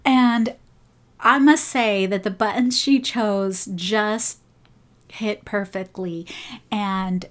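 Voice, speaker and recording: A woman's voice: mid-range voice, fairly even intonation, slow, fairly bright tone. A woman hosting a crochet channel, casually showing off viewers' craft projects and gushing over each one. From United States. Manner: gushing, enthusiastic praise.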